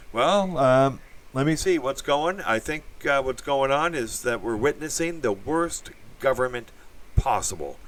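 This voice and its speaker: A man's voice: mid-range voice, a bit bright, a little hiss or hum. A man giving a blunt, profane, meandering opinion monologue full of fillers. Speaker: channel host.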